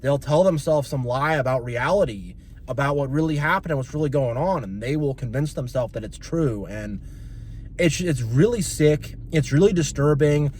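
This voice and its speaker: A man's voice: on the high side, animated, normal speed, a little mellow, a little hiss or hum. A man venting in an emotional vlog rant, agitated and repetitive, with many fillers like "like" and "you know". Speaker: vlogger.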